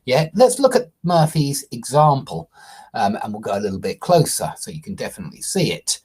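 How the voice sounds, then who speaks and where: Lively, husky-voiced grammar teacher. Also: mid-range voice, brisk. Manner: emphatic, repeats key points, checks with "okay?" and "yeah?". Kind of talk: explanatory grammar lesson.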